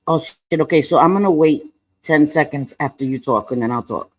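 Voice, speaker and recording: A man's voice: a little high, brisk. A middle-aged man hosting a casual livestream chat, chatty and playful, laughing often and swearing lightly. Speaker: livestream co-host.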